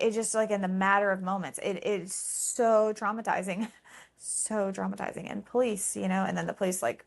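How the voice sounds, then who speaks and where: A woman's voice: medium pitch, vocal fry. Woman telling a painful memory. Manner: emotional, halting, many fillers. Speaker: storyteller. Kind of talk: personal storytelling.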